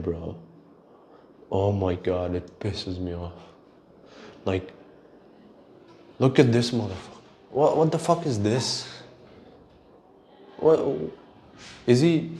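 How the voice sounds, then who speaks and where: A man's voice: lowish voice, a little mellow, slight background noise. A man hosting his own solo show, ranting in an exasperated, profane way. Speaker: podcast host. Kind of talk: solo rant.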